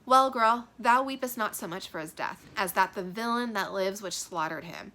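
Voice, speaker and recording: A stern noble mother scolds and commands in clipped verse, read aloud by a woman. Her voice is bright and sharp, and she gives each line as an order. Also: medium pitch, normal speed, lightly acted. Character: stern noblewoman mother, Lady Capulet, cold and vengeful. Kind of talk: dramatic reading of a play.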